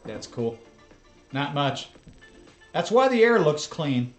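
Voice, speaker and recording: Watching drone clips with his audience, this American host keeps up a relaxed, rambling commentary full of chuckles and tangents. He speaks slowly, on the high side, with wide pitch swings, and soft music plays underneath.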